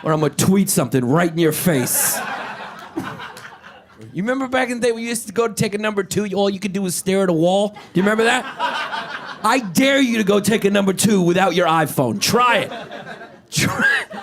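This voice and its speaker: A man doing a stand-up comedy set, animated and conversational, asking the crowd questions. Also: sits high, brisk, pauses often.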